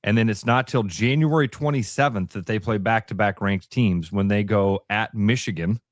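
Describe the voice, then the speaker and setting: Radio guy, even keeled, breaking down the games, dry studio sound. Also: on the low side, moderate pace, dry recording. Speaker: sports radio co-host. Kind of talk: casual sports talk.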